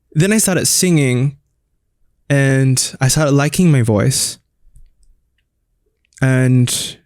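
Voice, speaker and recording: A man in his thirties from Singapore speaks in an open, reflective way as an interview guest, often poking fun at himself. His voice sits at an ordinary pitch for a man. The recording is dry and close, with little room sound. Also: a little mellow, dry recording. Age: 30s. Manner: open, reflective, self-deprecating. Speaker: radio DJ and guest. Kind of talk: candid interview conversation.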